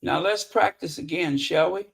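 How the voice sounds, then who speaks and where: A woman hosting a commentary channel, talking casually and sarcastically over clips, with fillers and pauses. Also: on the low side, vocal fry, husky. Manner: sarcastic, mocking, unhurried with fillers. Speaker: royal commentary channel host.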